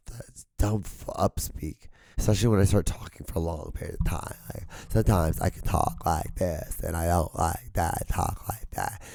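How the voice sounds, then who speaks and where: Hoarse young man rambling. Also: sits low, mellow, no room sound, clean studio sound. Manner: rambling, filler-heavy, slight upspeak. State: hoarse, sore voice. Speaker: podcast host. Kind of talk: casual solo rambling. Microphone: camera mic, solo filming.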